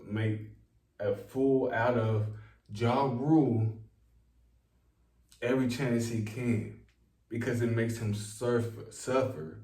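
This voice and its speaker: A man talking to his viewers in a slow, preachy, rambling monologue, repeating lines for emphasis. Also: medium pitch, mellow, distant mic. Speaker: online self-help talker. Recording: echoey room, voice set back from the mic.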